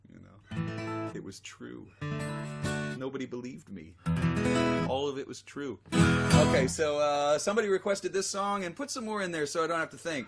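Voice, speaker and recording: A man with a tickle in his throat, chatting casually between songs as a singer-songwriter on a livestream. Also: medium pitch. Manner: chatty, rambling, self-deprecating. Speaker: singer-songwriter streaming a live show. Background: guitar music.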